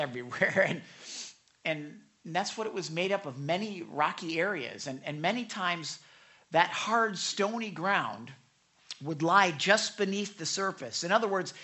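A pastor preaching a conversational, animated sermon with frequent asides and self-corrections. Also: mid-range voice.

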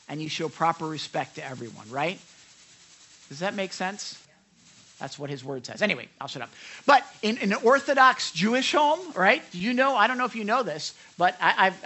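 A pastor preaches in a loose, conversational way, checking in with his listeners as he goes. His voice swoops lively up and down with a bright, forceful edge, and his delivery is fervent and earnest. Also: sits high. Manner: animated, talks straight to listeners with frequent "right?" asides. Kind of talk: conversational sermon.

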